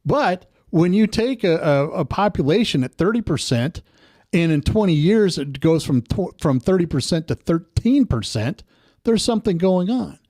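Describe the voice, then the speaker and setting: An American man co-hosting a political talk show, arguing hard and cutting in on the other speaker. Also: high-pitched. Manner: animated, argumentative, interrupts often. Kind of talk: heated political debate.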